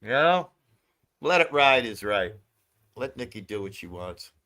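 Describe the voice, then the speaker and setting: A man's voice: medium pitch, sing-song, unhurried, bright, forceful tone. An older man hosting a casual phone livestream, talking loosely with lots of swearing and laughter. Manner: loose, profane, laughs a lot. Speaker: livestream host.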